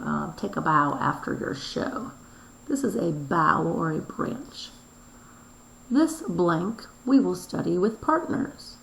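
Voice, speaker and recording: Teacher, female, unhurried delivery, recorded in a roomy space. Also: on the low side, gravelly. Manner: slow, deliberate explanation, spelling words letter by letter. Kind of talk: recorded classroom review lesson. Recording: roomy echo.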